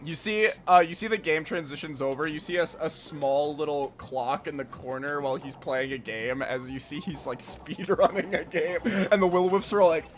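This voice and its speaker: A man's voice: a little high, moderate pace, hardly any pauses, a little hiss or hum. A young man narrating a tabletop game as game master, loose and giggly, swearing casually.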